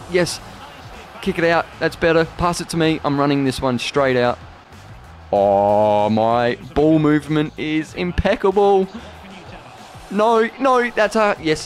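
An excitable young man talks through his football video game match as he plays, his voice sitting a little high for a man. He brags and shouts at his goals. Faint music plays under his voice. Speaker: gaming YouTuber. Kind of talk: live gameplay commentary.

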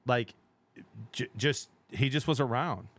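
A middle-aged man streaming games, chatting casually with his viewers. He talks in a chatty, excitable way, laughs often and trails off mid-sentence. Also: mid-range voice, unhurried, dry recording. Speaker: game streamer. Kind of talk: casual live-stream chat.

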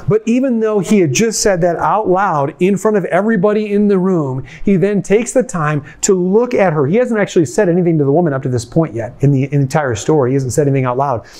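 Sitting high in pitch, this man's voice moves fairly quickly with hardly any pauses. He's a pastor giving a conversational sermon, vividly retelling a scene and addressing his listeners head-on.

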